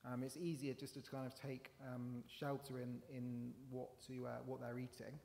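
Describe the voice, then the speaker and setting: A man's voice: medium pitch, monotone, normal speed, vocal fry, warm tone. A man preaching a conversational sermon, with fillers and rising emphasis. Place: church. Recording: long church hall reverb.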